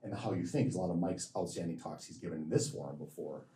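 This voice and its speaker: A man with a low, mellow voice answers audience questions after a lecture, rambling, breaking off and repeating his words. He sounds far from the microphone in a roomy, echoing hall, with faint noise underneath. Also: fast talker. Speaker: physician giving a lecture.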